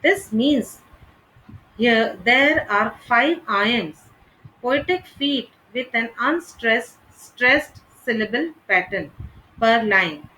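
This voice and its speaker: A woman reads a literature lesson from a script. She speaks unhurriedly and deliberately, in a slightly high voice, with a faint hum in the background. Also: expressive, sharp tone, poor audio. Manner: measured, deliberate reading. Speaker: literature teacher.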